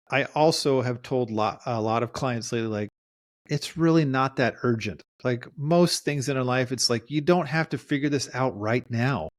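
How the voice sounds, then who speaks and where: A man's voice: medium pitch, dry recording, clean studio sound. A man, a therapist co-hosting a podcast, talking things through in a reflective way and acting out quoted lines. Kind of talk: casual podcast discussion.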